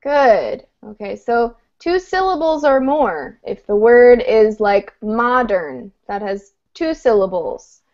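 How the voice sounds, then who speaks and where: A woman's voice: a little high, animated, slow, hardly any pauses, a little mellow. A woman teaching an online English lesson, explaining grammar patiently and checking in with her students. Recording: muffled video-call audio.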